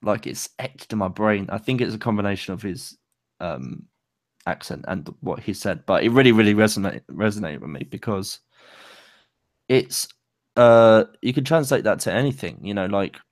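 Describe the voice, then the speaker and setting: Young guy, lowish voice, dry sound, rambling with lots of likes and ums. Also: lively intonation, no echo. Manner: loose, lots of fillers and likes, pace speeds up and slows. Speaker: co-host. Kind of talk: casual chat.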